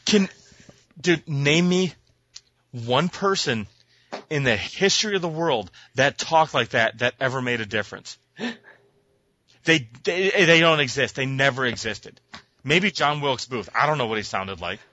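Brief: man, podcast co-host, animated ranting storyteller, bright voice, dry lo-fi sound. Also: medium pitch, measured pace, dry recording. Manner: profane, exasperated, acts out voices in his stories. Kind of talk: casual chat, ranting storytelling.

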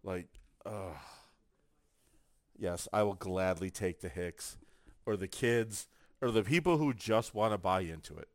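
Animated man telling live-show stories. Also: on the low side, normal speed, no echo. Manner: animated storyteller, acts out quotes. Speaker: podcast co-host. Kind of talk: casual chat.

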